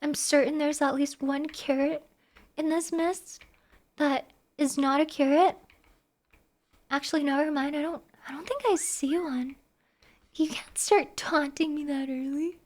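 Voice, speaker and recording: A woman's voice: sits high, fairly even intonation, a little slow, long pauses, darkish tone. A woman streaming a game live, chatting to her viewers in a playful, teasing way. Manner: playful, teasing, talks to the chat. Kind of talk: live gameplay chat with viewers.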